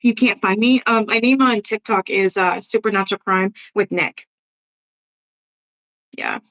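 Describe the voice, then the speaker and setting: Speaking unhurriedly in a mid-range, fairly bright voice, this livestream host trades in blunt, profane gossip punctuated by frequent laughs. She responds to viewer comments, and the recording has its highs cut off.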